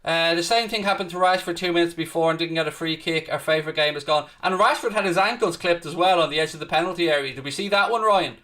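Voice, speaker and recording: A man's voice: a little high, fast talker, few pauses, sharp tone. A man hosting a live football watchalong, ranting passionately and answering the chat. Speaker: watchalong host. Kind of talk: heated live football rant.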